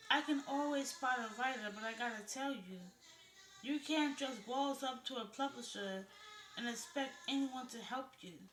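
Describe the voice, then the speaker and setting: A woman's voice: sits high, normal speed, background noise, close to an everyday voice. A woman reading the lines of a gossipy, talkative man with a southern drawl, in a roomy-sounding recording. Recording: roomy echo.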